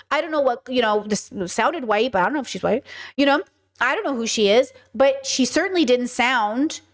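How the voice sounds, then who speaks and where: A woman in her thirties hosting a live stream, chatting with viewers in an animated way full of rhetorical questions. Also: a little high. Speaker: streamer and podcast host. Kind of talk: casual live-stream commentary.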